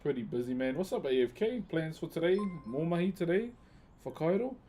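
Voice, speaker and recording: A man's voice: a little high, expressive, brisk, dark tone, a little hiss or hum. Laid-back New streamer man. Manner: laid-back, thanks viewers by name, uses Maori words. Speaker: live streamer and wood carver. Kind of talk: casual live-stream chat.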